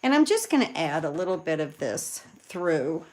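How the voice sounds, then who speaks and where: A woman's voice: low-pitched, moderate pace. Chatty woman doing a live card demo. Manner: chatty, excitable, talks to viewers while working. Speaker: card-making demonstrator and team leader. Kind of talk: live crafting demo chat.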